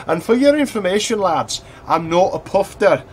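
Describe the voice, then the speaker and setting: A man voicing a stern male deputy headteacher from his school days, firm and measured, never raising to a shout. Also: high voice, very animated, slight background noise, voice pushed up. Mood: sternly calm.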